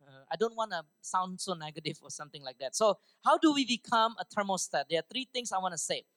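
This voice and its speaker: A woman preaching a sermon to students, emphatic and often checking for the audience's agreement, with bursts of loud, high exhortation. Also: animated, fast talker, dry recording.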